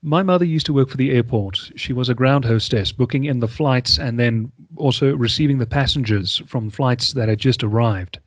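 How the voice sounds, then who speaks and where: A man's voice: mid-range voice, normal speed, few pauses, no echo. A man hosting a podcast interview, chatty and enthusiastic, often repeating himself. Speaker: podcast host. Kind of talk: casual interview chat.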